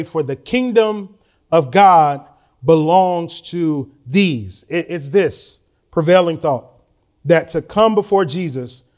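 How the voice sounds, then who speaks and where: Preaching man with a lilt. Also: on the high side. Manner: conversational preaching with rising emotional emphasis. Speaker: pastor. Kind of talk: sermon. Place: church sanctuary.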